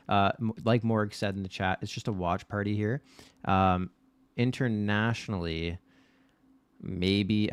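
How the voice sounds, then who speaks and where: A man with a somewhat low voice hosts a casual live watch-party stream from his desk mic. He talks straight to his chat, blunt and loose, with the odd swear word thrown in. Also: clear, resonant tone, no echo.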